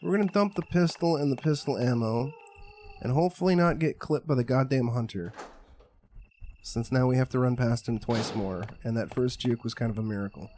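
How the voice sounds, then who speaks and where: A man's voice: medium pitch, brisk, mellow. A male streamer gives loose running commentary over a horror game. He rambles, curses freely and jokes with his chat in an ordinary mid-range voice. A faint hiss of noise sits under the recording. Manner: rambling, profane, jokey, talks to chat. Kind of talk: casual gameplay commentary.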